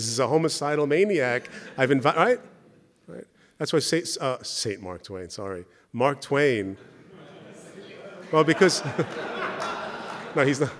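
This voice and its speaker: A middle-aged man addresses a church gathering in an easy, conversational manner, checking in with the listeners as he goes. His voice sits at an ordinary mid pitch. The sound carries the long reverb of a large hall. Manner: conversational, keeps checking with the audience by asking "right?". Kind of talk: spoken talk with anecdotes.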